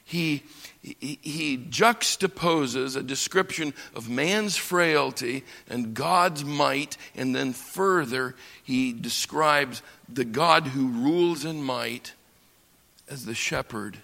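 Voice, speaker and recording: A man from the United States teaching a lecture on scripture, slow and emphatic, pausing for effect and building his lines up. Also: mid-range voice, creaky, bright, forceful tone. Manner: slow, emphatic delivery with dramatic pauses and swells. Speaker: Bible teacher. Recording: long reverb of a large hall.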